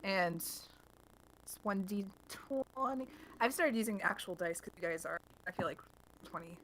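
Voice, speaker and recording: Bright-voiced woman tabletop player. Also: mid-range voice, expressive, a little slow, slight background noise, low-quality recording. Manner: unsure, rambling. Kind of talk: tabletop play.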